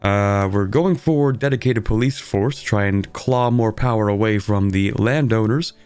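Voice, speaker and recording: A man's voice: on the low side, moderate pace, darkish tone, clean tone, faint music behind. A young man streaming a strategy game, talking casually in a sleepy, rambling way while he explains his moves. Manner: sleepy, rambling, self-deprecating.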